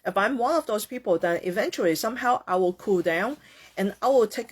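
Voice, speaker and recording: A woman hosting a casual self-help talk, often ending her points with "okay?" or "right?" and acting out quoted reactions in a higher voice. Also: lively intonation, fairly quick, husky. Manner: tags sentences with "okay?" and "right?". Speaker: host.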